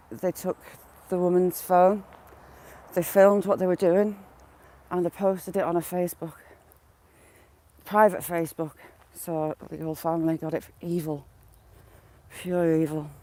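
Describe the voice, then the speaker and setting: A woman's voice: lowish voice, level tone, measured pace, dark tone. A woman with a mixed English accent hosting a casual walk-and-talk livestream outdoors in the countryside. She greets her viewers by name as she chats. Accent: English, mixed regional. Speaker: livestream host.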